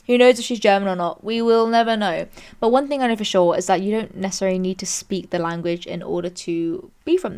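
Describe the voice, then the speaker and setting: A young British woman reading online stories aloud and giving her opinions in a chatty, animated way, her voice jumping high when she is amused. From Britain. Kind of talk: casual commentary reading posts aloud.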